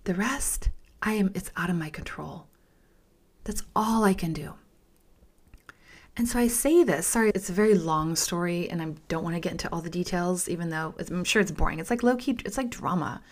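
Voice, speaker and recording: A woman's voice: fairly low pitch, a little fast. A woman hosting a podcast, telling a personal story in a candid, emphatic way, repeating words for stress, often dropping to a whisper and speaking to listeners as "you guys.". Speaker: podcast host.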